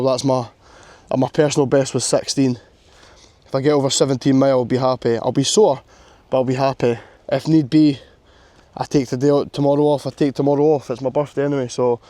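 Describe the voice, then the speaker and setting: A man's voice: mid-range voice, warm tone, no room sound. A man vlogging outdoors on a long walk, sore and worn out, chatty, self-mocking and swearing freely. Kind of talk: walking vlog to camera. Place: outdoors on a coastal path.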